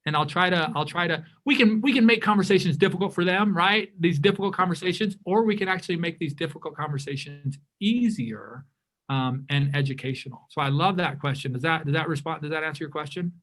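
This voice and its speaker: A man from California leading an interactive diversity workshop, lively and often correcting himself mid-sentence. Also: fairly high pitch, a little fast. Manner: animated, self-correcting, acts out quoted remarks.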